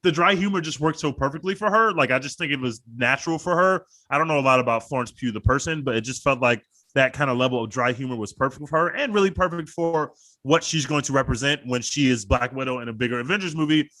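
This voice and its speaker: A man's voice: mid-range voice, fast talker, bright, forceful tone. A man co-hosting a podcast in casual chat, enthusiastic and rambling, swearing now and then. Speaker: podcast co-host.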